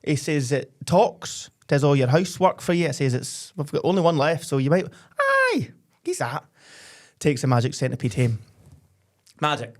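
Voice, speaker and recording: A man's voice: a little high, fairly quick, hardly any pauses, a little mellow. A young Scottish man co-hosting a football podcast, bantering and telling jokes in casual chat. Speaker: podcast co-host.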